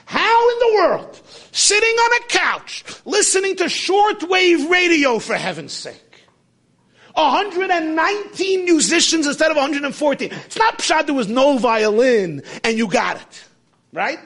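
A man doing a high, amazed biographer. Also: normal speed. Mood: incredulous. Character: incredulous male biographer, eager and amazed.

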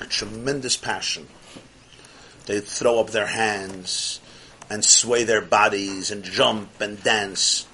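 A man teaching a Chassidic lecture in English, mixing in Yiddish and Hebrew terms, swinging from loud outbursts to near-whispers. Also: lowish voice, a little hiss or hum. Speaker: Torah teacher.

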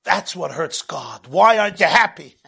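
A man giving a sermon as a religious teacher, animated, swinging from hushed asides to loud bursts and laughing at his own jokes. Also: high-pitched, unhurried, gravelly, slightly rough.

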